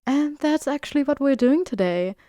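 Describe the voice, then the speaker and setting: Chatty excitable woman podcast host. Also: sits high, moderate pace, no echo, clean studio sound. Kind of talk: casual podcast chat.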